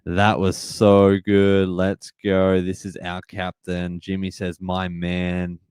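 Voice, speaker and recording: Deep-voiced guy doing live footy reactions, gets hyped and emotional, smooth dry sound. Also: slow, no echo. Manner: excitable, emotional, yells at big plays. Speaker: live stream host. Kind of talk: live match reaction commentary.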